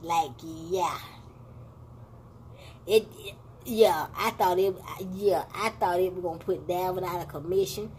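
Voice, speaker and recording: Slow, animated woman vlogger chatting. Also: on the low side, slight background noise. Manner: animated storytelling, addresses viewers as y'all, laughing asides. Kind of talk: casual reaction chat.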